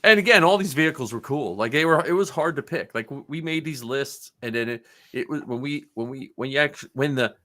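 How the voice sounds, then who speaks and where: A man with a bright, clear-edged voice chatting loosely on a fan podcast. He rambles and laughs easily, keeping the talk relaxed and friendly. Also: mid-range voice, a little fast, few pauses. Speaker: podcast co-host. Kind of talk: casual panel chat.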